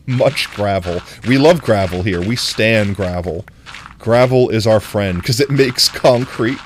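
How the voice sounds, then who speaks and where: A man's voice: fairly low pitch, unhurried. A man streaming a game, chatting casually and playfully with his viewers and laughing often. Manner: playful, giggly, talks to chat.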